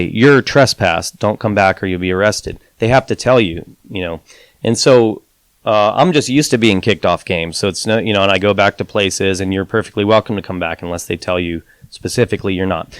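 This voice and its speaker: A man's voice: lowish voice, lively intonation, a little fast, dry recording. A man guest on a podcast, telling a story in casual talk, full of "you know" and fillers, acting out the quotes he retells. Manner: acts out quotes with raised voice. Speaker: podcast guest, advantage gambler.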